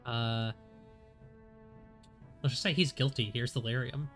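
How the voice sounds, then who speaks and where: With a mid-range voice, fairly even intonation, and a slightly slow pace, a congested streamer chats casually during gameplay. He jokes at his own expense as game music plays in the background.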